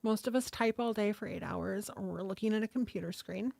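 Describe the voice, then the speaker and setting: A woman hosts a relaxed livestream from her table, leading viewers through stretches in an easygoing, chatty way. She swears casually and greets people from the chat by name. Her voice sits in a middle range and is caught on a close desk mic with a dry, roomless sound. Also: mid-range voice, brisk, gravelly, no echo. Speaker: livestream host. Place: seated at a table at home. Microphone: desk microphone close by.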